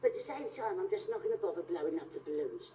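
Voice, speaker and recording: A man in his thirties with a very high, squeaky voice, doing a chatty live stand-up comedy act and firing cheeky jokes at the audience. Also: big pitch swings, fast, heavy background noise. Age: 30s. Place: theatre stage. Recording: distant, dull live stage recording.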